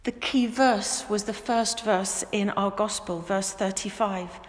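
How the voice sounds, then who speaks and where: A woman pastor preaching a sermon in a church, earnest and emphatic, slowing down to stress key words. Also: medium pitch, steady tone. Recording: echoey church with long reverb.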